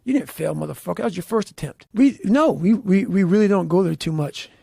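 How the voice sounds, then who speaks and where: A man telling intense motivational stories as a podcast guest, swearing heavily and speaking with forceful emphasis. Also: high-pitched, lively intonation, fairly quick, gravelly, dry recording, studio quality. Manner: heavy profanity, forceful and emphatic.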